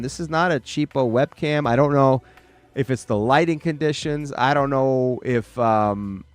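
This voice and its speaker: Tired and sleepy, a man hosts a rambling late-night solo podcast from a small home studio, drifting off topic and ranting at himself in a scattered, self-deprecating way. His medium-pitched voice is a little slow, clear and resonant, and the recording is dry.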